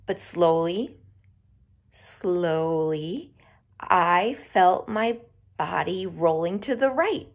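A woman reading a novel aloud to her students, slow and expressive, dropping to a whisper at times. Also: mid-range voice. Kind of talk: storybook read-aloud.

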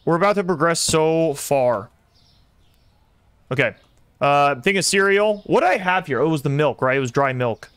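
A young man streaming a simulator game, commenting excitedly and talking to his chat as he plays. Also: a little high, normal speed, clear, resonant tone, no room sound. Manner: excitable, talks to chat while playing. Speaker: gaming streamer. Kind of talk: live gameplay commentary.

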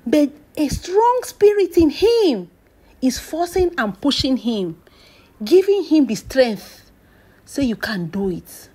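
A woman's voice: high-pitched, sing-song, slow, dark tone. A woman with a Nigerian Pidgin English accent telling celebrity gossip as a dramatic story, stretching out phrases, dropping into whispered asides and bursting into exclamations.

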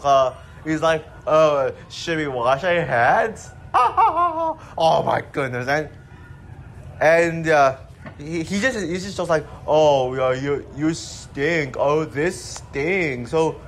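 A man's voice: fairly high pitch, slight background noise. A man giving an exasperated, rambling movie rant, swearing often. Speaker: movie reviewer. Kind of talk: casual rant.

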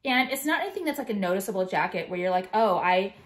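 A woman's voice: medium pitch, expressive, rapid-fire, a bit bright. A woman vlogger venting to her viewers in a profane, combative rant full of fillers. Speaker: jewelry brand owner and vlogger.

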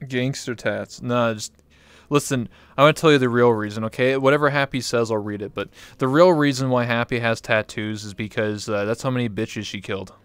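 A man hosts a live-stream interview on a virtual reality chat stream, chatting casually, cracking crude jokes and swearing a lot. His voice is medium in pitch and steady in tone, a little fast and smooth, and the recording is dry.

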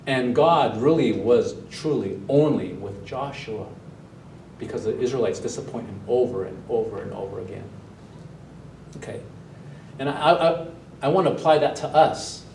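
Pastor, male, mid-pitched, lively sermon delivery, recorded from a distance in a reverberant sanctuary with a faint hum. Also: normal speed, creaky. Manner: animated, asks the congregation questions. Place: church sanctuary, also streamed online. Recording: roomy echo, mic at a distance.

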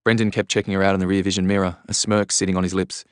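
A man's voice: low-pitched, little pitch movement, rapid-fire, smooth, no echo, clean studio sound. A man narrating a novel in the first person, in an understated way. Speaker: audiobook narrator.

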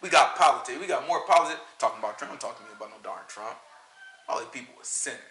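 A man's voice: medium pitch, lively intonation, very fast, pushed and bright. A man with a country Southern American accent giving an informal Sabbath Bible lesson, firing rhetorical questions and often laughing. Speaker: Bible study teacher. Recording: echoey room.

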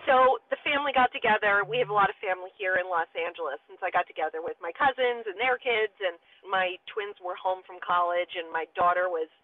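A woman in her forties telling a story in lively casual talk, acting out the voices of the people in it, calling in from her parked car. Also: mid-range voice, a little fast, few pauses. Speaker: guest. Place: car, pulled over. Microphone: phone call. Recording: tinny phone line.

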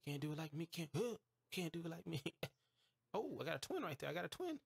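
A man hosting his own live game stream, trash-talking and reacting loudly as he plays. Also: a little high, fast talker, vocal fry, slightly rough, dry recording, clean studio sound. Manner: excitable, talks back to the game, trash-talking; bursts into shouts and squeals when surprised. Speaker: gaming streamer host. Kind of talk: live gameplay commentary.

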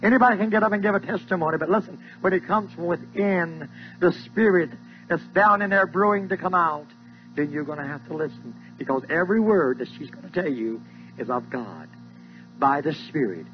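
Older man, high-pitched, fervent church testimony, lo-fi 1980s tape. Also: lively intonation, fairly quick, soft background music. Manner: fervent, preacherly, repeats lines, voice rises to high cries.

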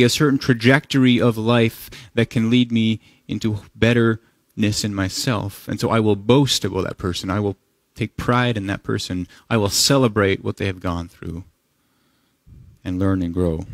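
A man's voice: lowish voice, creaky, dry recording. Man preaching in a dry close voice. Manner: conversational preaching, rhetorical questions, rising intensity in scripture reading. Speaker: pastor. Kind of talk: sermon. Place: church sanctuary.

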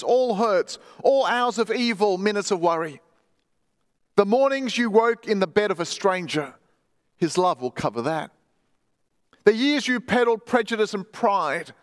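Man, pastor, high pitched voice, emphatic sermon delivery, long church reverb. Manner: emphatic preaching, reads quoted stories aloud. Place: church hall.

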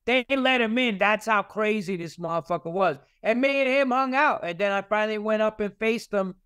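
A man, a podcast guest telling rough street stories in a casual, profane, animated way. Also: high voice, normal speed. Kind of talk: casual storytelling.

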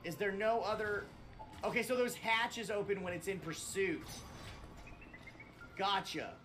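A man streaming a video game, rambling and swearing loudly in casual commentary. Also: high voice, unhurried. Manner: loud swearing outbursts, rambling.

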